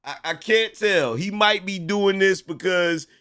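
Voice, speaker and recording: A man in his forties or fifties reacts to a clip in loose, slangy talk, laughing often and loudly. His voice sits fairly high and bright. He speaks at an unhurried pace. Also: clean tone. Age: 40s to 50s. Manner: laughing a lot, slangy and loud. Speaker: commentary channel host reacting to a clip. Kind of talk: casual reaction commentary.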